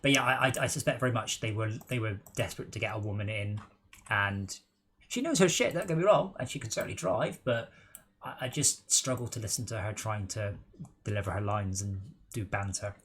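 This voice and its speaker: A man's voice: fairly low pitch, brisk, a bit bright, slight background noise. Blunt mocking Englishman chatting over a game. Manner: blunt, mocking, stumbles and repeats words. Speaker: gaming stream regular. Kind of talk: casual banter while playing.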